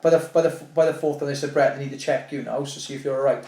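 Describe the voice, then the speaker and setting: A young Welsh man, a podcast guest, telling stories in casual chat, animated and swearing, acting out what people said. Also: medium pitch, rapid-fire, reverberant. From Wales. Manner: animated, swearing, restarts and acts out quotes.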